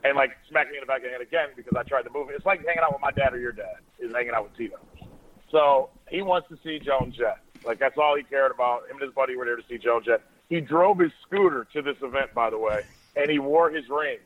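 A man in his forties from Ohio, a radio host telling a rambling story in a casual way. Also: medium pitch. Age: 40s. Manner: rapid, rambling anecdotes with quoted asides. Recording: tinny phone-like radio sound.

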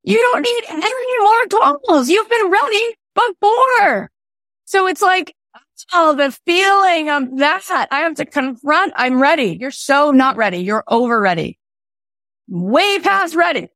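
A woman's voice: very high voice, unhurried, no echo. A woman hosting a podcast and coaching two people on a call, speaking emphatically with lots of "like" and "right?". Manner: emphatic and animated, with a lot of "like" and "right?". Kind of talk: coaching call, motivational talk.

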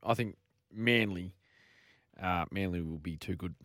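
A man's voice: low voice, measured pace, a bit bright, no echo, clean studio sound. An Australian man, an assistant coach and former player, chatting casually on a podcast, laid-back and chuckling, often repeating words as he starts a thought. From Queensland, Australia.

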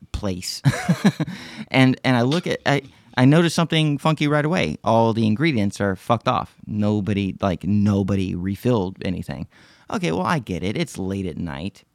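A man's voice: fairly low pitch, no room sound, clean studio sound. A man casually telling a story on a podcast, rambling and profane, with many restarts and fillers. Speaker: podcast host.

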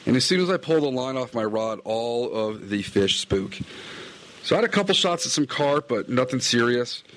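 A man's voice: medium pitch, expressive, moderate pace, a bit bright. A middle-aged man, a fly-fishing podcaster and guide, recapping his day in a chatty, meandering way, recorded outdoors. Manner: chatty, meandering, self-correcting. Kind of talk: casual rambling recap.

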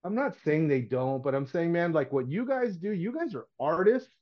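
A man's voice: on the high side, animated, moderate pace, dull audio. A middle-aged man talking in a casual podcast chat as a guest, earnest and rambling, often restarting his sentences. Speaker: painting contractor guest.

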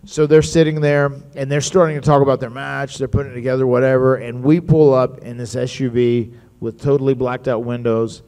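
A man's voice: mid-range voice, brisk, hardly any pauses. A man telling wrestling stories at a live stage show, acting out what other people said. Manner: animated storyteller acting out others' lines.

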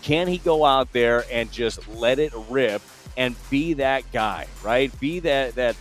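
A man's voice: medium pitch, slow pace, faint music behind. A man talking as an analyst on sports talk radio, blunt and emphatic and fond of repeating phrases. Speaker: baseball analyst.

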